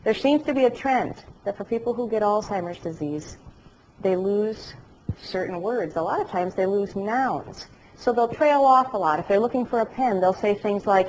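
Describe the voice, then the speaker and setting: Lively woman lecturing on warning signs. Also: mid-range voice, normal speed, slight background noise, low-quality recording. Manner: animated storytelling with jokes. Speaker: dementia care educator. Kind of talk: lecture to a class, also telecast. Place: classroom or lecture hall.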